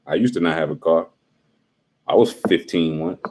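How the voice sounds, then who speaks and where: A man's voice: deep voice, moderate pace, darkish tone, slightly rough. A young adult man hosting a casual live stream, teasing and talking straight to his chat in slangy speech.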